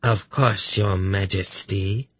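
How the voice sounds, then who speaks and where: A man voicing a scheming, smirking high priestess who speaks slowly in a near purr. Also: animated, bright, forceful tone, slightly rough, dry recording, full character voice. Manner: slow, purring. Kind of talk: audiobook character voice.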